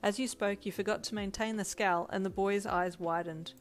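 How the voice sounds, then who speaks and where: A woman reading a second-person fanfiction story aloud in an even storytelling manner. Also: mid-range voice, normal speed, faint music behind. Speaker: fanfic reader.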